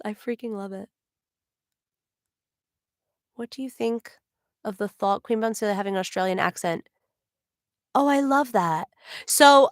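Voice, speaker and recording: A woman's voice: medium pitch, a bit bright, no echo, studio quality. A young adult woman, a voice actor, chatting casually on a livestream, answering fan questions with many ums and giggles.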